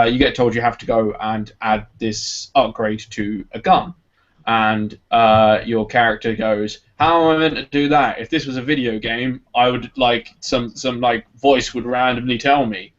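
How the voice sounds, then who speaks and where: Rambling man, lo-fi podcast. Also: medium pitch. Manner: rambling, hesitant, lots of ums and restarts. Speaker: podcast co-host. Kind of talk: casual chat reviewing a game. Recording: dull lo-fi podcast audio.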